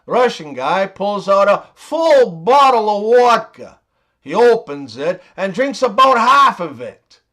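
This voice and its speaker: A man in his forties narrating a string of jokes in an unhurried way. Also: high voice, big pitch swings, sharp tone. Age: 40s. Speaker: joke teller. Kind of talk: narrated joke compilation.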